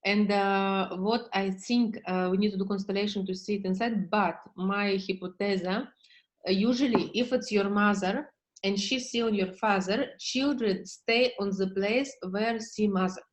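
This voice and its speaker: A woman therapist coaching a client in slow, halting English with many fillers. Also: mid-range voice, steady tone, rough recording. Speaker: therapist leading a session.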